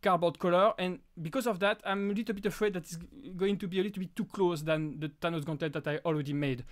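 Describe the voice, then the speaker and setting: A man from France with a French accent, whose first language is French, hosting a casual live Q&A and talking in halting bursts full of restarts. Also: sits high. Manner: halting, frequent restarts and fillers. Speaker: live stream host.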